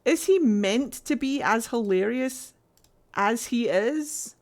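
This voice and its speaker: A woman streaming a game playthrough, chatting excitedly and gushing about characters. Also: fairly high pitch, slow pace.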